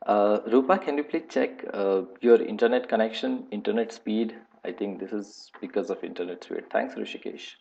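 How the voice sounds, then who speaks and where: A man teaching a live online software testing class, talking in a halting way with many fillers and repeated points. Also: on the low side, gravelly, muffled recording.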